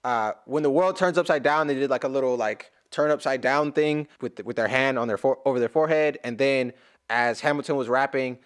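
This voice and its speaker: A man's voice: medium pitch, fairly quick, clear, resonant tone. Rambling man reacting to a musical. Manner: rambling, self-correcting, humorous asides. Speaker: reaction YouTuber. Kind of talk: casual reaction commentary.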